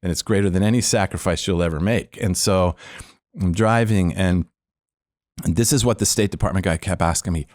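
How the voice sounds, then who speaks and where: A man's voice: low voice, a little fast, dry recording, studio quality. A man, a former police officer, telling a long story as a podcast guest, acting out the people in it and laughing now and then. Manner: animated storyteller who acts out the people he quotes; laughs often while telling. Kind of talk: storytelling interview.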